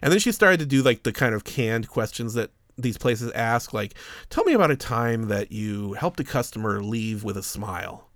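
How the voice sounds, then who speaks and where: A man's voice: medium pitch, lively intonation, normal speed, a bit bright, dry recording, clean studio sound. A man casually telling a story to a friend, swearing often and laughing as he goes.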